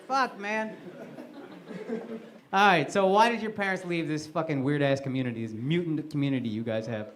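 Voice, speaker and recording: A man's voice: fairly high pitch, normal speed. A male stand-up comedian doing crowd work on a club stage, brash and profane as he mocks people in the audience. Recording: loud crowd laughter, noisy live club.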